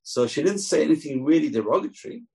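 A man's voice: on the high side, fast, gravelly, breathy edge, rough recording. A man teaching a Torah lesson as a rabbi, telling stories and acting out the voices in them. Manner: animated teller, acts out quoted voices.

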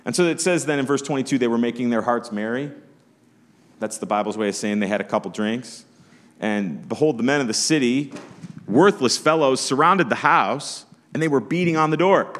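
A man's voice: mid-range voice, a little fast. Man, pastor, conversational sermon, voices characters in the story. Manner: conversational preaching, acts out voices of Bible characters. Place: church.

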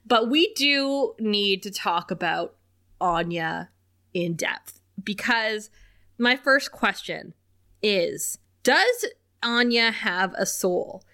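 Young woman podcast host, chatty, laughs a lot, middle pitch. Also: slow. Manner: animated, laughs often, reads quotes in lively voices. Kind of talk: casual chat, recapping a TV episode.

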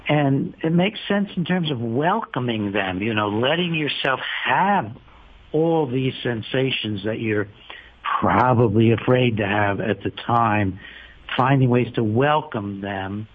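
A man, a psychiatrist guest in an interview, speaking in a thoughtful, measured and slightly hesitant way. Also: medium pitch, a little hiss or hum. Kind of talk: conversational interview. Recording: phone-like lo-fi radio audio.

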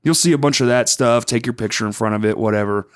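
A man hosting a podcast, telling con stories in a profane, animated casual way. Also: mid-range voice, quick pace. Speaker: podcast host.

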